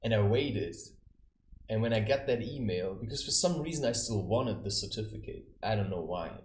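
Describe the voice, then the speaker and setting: A man with a fairly low voice talks through life advice in a loose, wandering monologue. He tells stories and acts out what other people said. The sound is roomy, with a clear echo around him. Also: expressive, moderate pace. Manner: rambling, anecdotal, with acted quotes. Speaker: self-styled spiritual adviser. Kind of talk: casual monologue.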